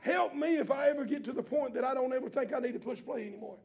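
Male preacher, high gravelly voice, sermon style with call-and-response, swings from low reading to shouting. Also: quick pace, muffled recording.

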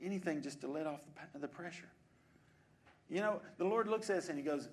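A man's voice: on the high side, brisk. A male preacher giving a sermon in a church, repeating phrases and asking rhetorical questions. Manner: repetitive, soft then building, rhetorical questions.

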